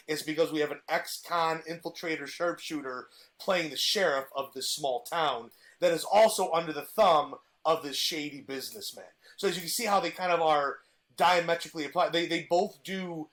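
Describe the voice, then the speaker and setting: A man's voice: a little high, fairly bright tone. A man in casual podcast chat, eagerly retelling a TV plot with frequent restarts. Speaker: podcast guest presenting a TV villain.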